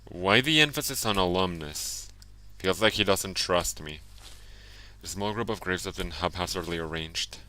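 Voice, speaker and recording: A man with a low, smooth and resonant voice gives casual commentary over a horror game. His tone is bright and clear, and he muses aloud in a relaxed way as he reads the game's text. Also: moderate pace. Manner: muses aloud, laughs at his own jokes. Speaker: let's play streamer.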